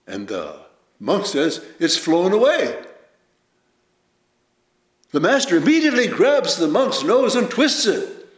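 A man giving a Zen dharma talk as teacher, measured and reflective, telling stories with lively emphasis. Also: high voice. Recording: roomy echo.

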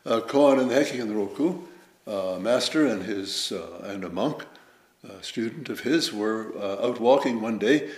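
A man giving a Zen dharma talk as teacher, measured and reflective, telling stories with lively emphasis. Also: lowish voice. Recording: roomy echo.

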